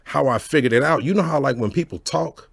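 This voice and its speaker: Male host spinning a story in loose chat, lively and foul-mouthed, laughs a lot, mid-pitched voice, dry close sound. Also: brisk, creaky, breathy edge, no room sound. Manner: animated, profane, laughs often, keeps asking "you know what I'm saying".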